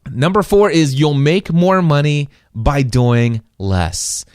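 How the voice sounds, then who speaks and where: Male podcast host, slightly high voice, dry close studio sound, eager storyteller. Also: takes it slowly, darkish tone, clear, resonant tone, dry recording. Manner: enthusiastic storytelling, acts out quoted dialogue. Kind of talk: solo podcast monologue. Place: small home studio. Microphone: studio microphone.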